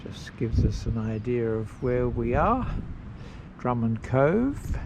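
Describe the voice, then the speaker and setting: A man narrating a casual travel vlog outdoors at a campsite, unhurried and rambling with pauses and fillers. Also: mid-range voice, very animated, darkish tone, slight background noise. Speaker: travel vlogger.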